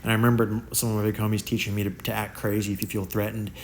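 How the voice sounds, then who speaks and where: A young content creator, a fast talker with a lowish voice, tells wild stories from his own life. The monologue is casual, slangy and animated, with quotes acted out in shifting voices, and a little hiss or hum can be heard.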